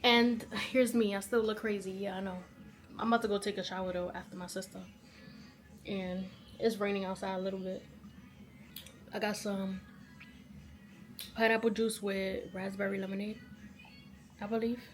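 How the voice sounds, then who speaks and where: A woman's voice: mid-range voice, little pitch movement, moderate pace, long pauses, soft background music. Chatty young woman muttering while cleaning. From New York. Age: 20s. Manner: chatty, thinking aloud, often unsure. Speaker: vlogger. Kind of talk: casual chat while cleaning. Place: bedroom at home.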